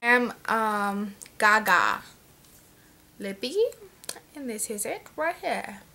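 A woman's voice: medium pitch, lively intonation, slow, vocal fry, sharp tone. A young woman chatting at home as a beauty vlogger, showing off her products in a rambling way full of fillers. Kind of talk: casual chat, showing products.

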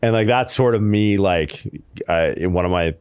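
A man with a very deep, low voice chats as a podcast guest. He rambles loosely through his stories, stacking up fillers and casual swearing. The sound is close and dry, with no room around it. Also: unhurried, darkish tone, clear, resonant tone, no echo. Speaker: podcast guest, strength coach. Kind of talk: casual storytelling chat.

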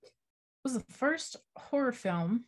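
A woman who hosts a podcast reads out horror trivia questions as quizmaster, chatting casually, laughing easily, and swearing now and then. Her voice is fairly high, animated, and slow.

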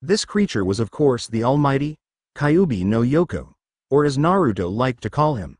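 A man narrating a fan fiction story in an expressive storytelling manner. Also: mid-range voice, normal speed, dry recording, clean studio sound.

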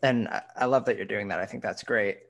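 A man hosting a casual podcast interview, encouraging his guest and filling pauses with "um". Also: on the low side, a bit bright. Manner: encouraging, frequent "um". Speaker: podcast host.

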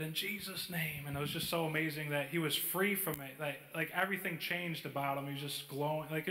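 High-voiced man preaching in an echoey church. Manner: casual, animated, many "like" fillers. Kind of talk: sermon storytelling. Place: church hall.

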